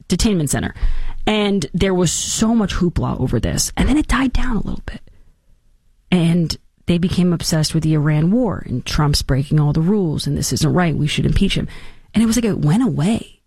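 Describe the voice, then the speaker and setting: A woman in her thirties hosting an opinionated talk show, animated and mocking in her delivery. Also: lowish voice, moderate pace, husky, no room sound, studio quality. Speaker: host.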